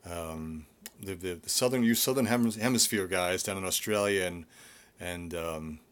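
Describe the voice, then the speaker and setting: Chatty, low-voiced male vocal coach. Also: moderate pace, fairly bright tone, smooth. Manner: chatty, rambling with many fillers and restarts. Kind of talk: casual live-stream Q&A. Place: home.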